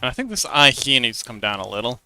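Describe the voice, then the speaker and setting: A man's voice: mid-range voice, very animated, quick pace, pushed and bright, smooth, soft background music. A man livestreaming as an artist, chatting casually while he draws, rambling and self-deprecating, laughing often and muttering to himself as he works.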